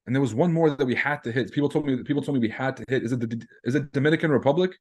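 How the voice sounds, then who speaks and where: A man's voice: medium pitch, rapid-fire, a little mellow. A man hosting a live trading stream, chatting casually in a brash, profane, joking way while reacting to chat messages. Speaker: trading livestream host.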